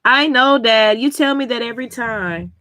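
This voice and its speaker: A woman's voice: a little high, normal speed, sharp tone, dry recording, pitched above the performer's own voice. A woman voicing a young girl while reading a comic aloud, eager and a little weary of hearing a story again. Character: young girl, a grown man's curious daughter.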